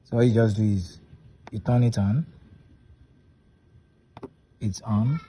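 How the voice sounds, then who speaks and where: A man demonstrating a device, calmly explaining each step as he goes. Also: lowish voice, takes it slowly, a little hiss or hum. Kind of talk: casual demo narration.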